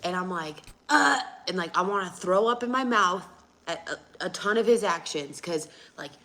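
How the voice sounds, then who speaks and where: Profane, erratic female vlogger, lower-pitched voice. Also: normal speed. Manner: rambling, profane, erratic swings from murmurs to loud bursts. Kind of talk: rambling casual vlog talk.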